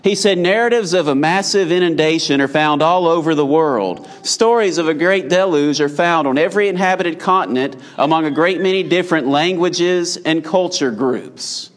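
Preacher, higher-pitched man. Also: normal speed, hardly any pauses. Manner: conversational, addresses the audience directly. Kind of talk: evening sermon.

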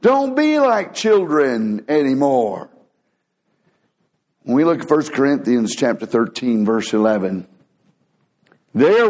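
A preacher man delivering a sermon. He swings from high, pleading quoted voices down to low, hushed warnings, and keeps it conversational and animated. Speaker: pastor.

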